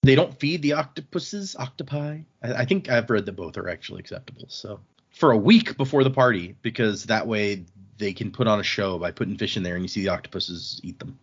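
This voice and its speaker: A man's voice: lowish voice, fairly quick, husky. Laid-back man recapping a book. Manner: relaxed, chatty retelling with small restarts. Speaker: podcast host. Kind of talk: casual book-club chat, recapping and quoting lines. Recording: slightly dull lo-fi mic audio.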